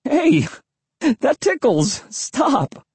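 A man voicing an excitable young boy who talks in an eager, pleading way. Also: fairly high pitch, normal speed, slightly rough, dry recording, voice pushed up, full character voice. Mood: startled.

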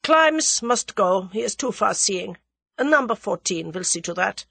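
A woman's voice: medium pitch, lively intonation, a little slow, vocal fry, bright, forceful tone, husky, no echo, voice pushed up, full character voice. A woman doing a clipped German conspirator. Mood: formal. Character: German conspirator man, precise and formal.

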